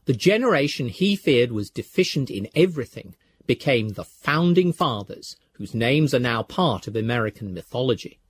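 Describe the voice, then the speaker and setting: A man giving scripted documentary narration in a measured, storytelling way. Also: medium pitch, big pitch swings, husky, no room sound.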